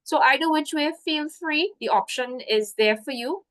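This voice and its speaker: A woman's voice: sits high, moderate pace, a bit bright. A woman presenting a business workshop over a video call, encouraging and working through a list of points. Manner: encouraging, lists points, frequent "so". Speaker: workshop guest host. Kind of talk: webinar presentation.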